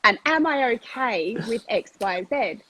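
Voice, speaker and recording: A woman's voice: a little high, lively intonation, a little slow, bright, forceful tone. A woman hosting a casual live chat, agreeable and conversational. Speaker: host.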